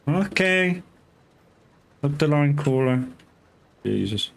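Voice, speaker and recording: A man's voice: a little high, expressive, slow, vocal fry. A man chatting casually while streaming a farming game, greeting viewers and swearing freely as he rambles between tasks. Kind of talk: casual live gameplay commentary.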